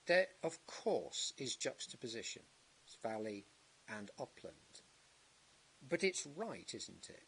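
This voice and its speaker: A man's voice: medium pitch, very animated, a bit bright, a little hiss or hum. Man cross-examining at a planning inquiry. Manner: measured, halting, many restarts and tag questions. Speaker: advocate cross-examining a witness. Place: public inquiry hearing.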